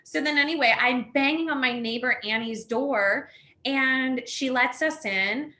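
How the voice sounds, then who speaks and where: A woman's voice: high-pitched, measured pace, pushed and bright. A woman in her thirties, a house fire survivor, telling her story on a webinar in a rambling way full of fillers like "like" and "next thing you know.". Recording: echoey room.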